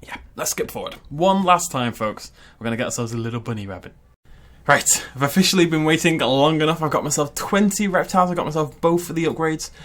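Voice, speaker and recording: A man hosting a gaming channel, giving chatty, excitable let's-play commentary and laughing often. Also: on the high side, brisk.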